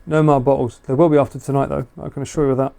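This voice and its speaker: The British livestreamer keeps up casual banter with viewers from his home, often joking and laughing. His mid-range voice is level, gravelly and dark, delivered at a rapid-fire pace.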